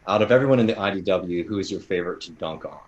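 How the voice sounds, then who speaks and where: A man's voice: low-pitched, racing, lo-fi sound. An American man co-hosting a casual panel chat, reading listener questions and rambling with many fillers. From United States.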